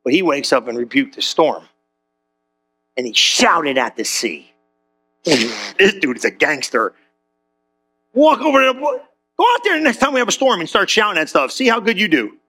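A man's voice: a little high, sing-song, normal speed, pauses often, bright, forceful tone, slightly rough. A man preaching a sermon as pastor, joking in slang and acting out quotes.

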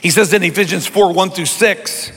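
A man preaching a sermon as pastor, calling for responses from the congregation and dropping to soft, intense lows. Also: moderate pace, breathy edge, in a large hall.

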